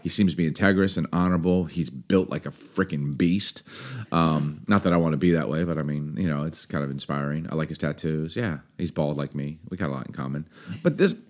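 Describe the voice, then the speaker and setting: A man's voice: very deep voice, brisk. A man co-hosting a family podcast as the father, chatting casually, laughing often and giving earnest advice.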